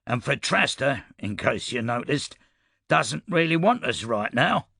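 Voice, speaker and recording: A man's voice: medium pitch, big pitch swings, measured pace, bright, forceful tone, no room sound, studio quality, exaggerated voice. A man voicing an aging, battle-worn cavalry commander who speaks bluntly, in an audiobook. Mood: gruff. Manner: gruff, plain-spoken, commanding.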